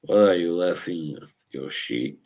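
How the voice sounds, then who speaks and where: A man's voice: low voice, very animated, slow pace, vocal fry, a little mellow, husky. A man hosting a live stream, chatting casually with viewers, rambling and laughing often at his own stories while searching for words. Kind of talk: casual chat reacting to live chat.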